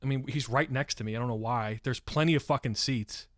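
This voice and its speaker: Streamer dude from sf rambling thru a story, swears a lot, reads chat, dry close mic. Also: male voice, mid-range voice, brisk, dry recording. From San Francisco, USA. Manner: rambling, swears freely, breaks off to read chat. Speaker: livestreamer. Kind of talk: casual live-stream storytelling.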